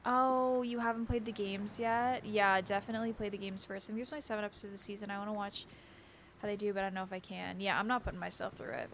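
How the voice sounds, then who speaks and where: A woman's voice: medium pitch, level tone, quick pace, fairly bright tone, a little hiss or hum. A young woman streaming a horror game, chatting with viewers and reading in-game notes aloud. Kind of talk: casual game commentary with read-aloud notes.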